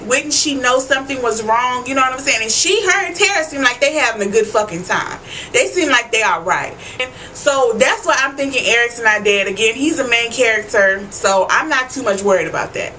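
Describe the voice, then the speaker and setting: A woman's voice: on the high side, bright, forceful tone, slight background noise. A young woman giving a casual, profane episode recap, talking straight to her viewers and often asking "you know what I'm saying". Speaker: TV recap vlogger.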